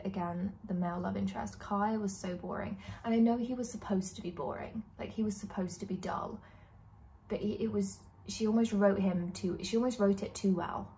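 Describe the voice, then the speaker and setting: A chatty young woman in her twenties talks straight to camera in a relaxed vlog. Her speech is candid and rambling, full of fillers. A faint hiss sits under her voice. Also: medium pitch. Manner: chatty, candid, lots of likes and ums. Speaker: book vlogger. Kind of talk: casual chat.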